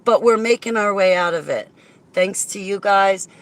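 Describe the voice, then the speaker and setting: A woman recording a casual, emotional video message to thank her viewers, rambling and effusive, with sudden loud exclamations. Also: medium pitch, moderate pace.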